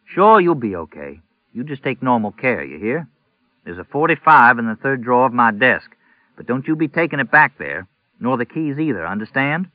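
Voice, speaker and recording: A man's voice: medium pitch, sing-song, moderate pace, dry recording, voice pushed up, natural voice. A man voicing a heavy, ailing middle-aged rural sheriff with a folksy manner. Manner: folksy, drawling, a bit weary. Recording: tinny narrow-band audio.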